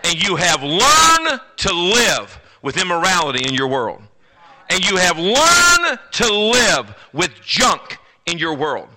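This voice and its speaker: A man preaching a sermon to teenagers in a church, swinging between loud declarations and hushed, drawn-out words, and calling out to his audience. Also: a little high, sing-song, rough recording. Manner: commands and banters with the audience. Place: church sanctuary before a congregation.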